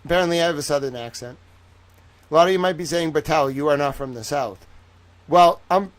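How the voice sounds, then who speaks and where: A man's voice: mid-range voice, a little hiss or hum. A man hosting a livestream, talking in a casual, rambling way with joking, self-mocking asides. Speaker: livestream host.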